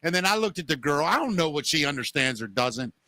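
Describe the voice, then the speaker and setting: A man's voice: fairly high pitch, big pitch swings, fast talker, bright, forceful tone, dry recording. A man hosting a podcast, telling a rambling everyday story in a casual chat, with plenty of "you know" fillers. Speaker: podcast host.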